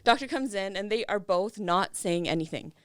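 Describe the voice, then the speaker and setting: A woman's voice: medium pitch, normal speed, smooth, no echo, clean studio sound. A woman guest on a podcast, telling a personal story in casual chat and acting out the lines of the people in it. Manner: animated retelling with acted quotes and laughs.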